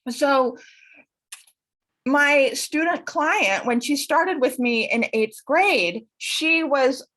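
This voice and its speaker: Expressive, bright-pitched woman coach talking. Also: drawn-out words. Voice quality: expressive, with wide pitch swings and frequent laughs. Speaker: academic coach and show host. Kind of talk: casual talk to camera.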